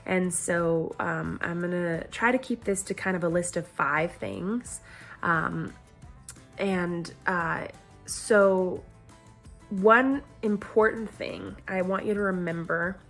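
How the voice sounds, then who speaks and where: A woman's voice: fairly low pitch, takes it slowly, gravelly, a bit bright, soft background music. Earnest, rambling woman vlogging to camera. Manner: rambling, earnest, laughs between thoughts, many ums. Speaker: vlogger on a health challenge. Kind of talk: casual talk to camera.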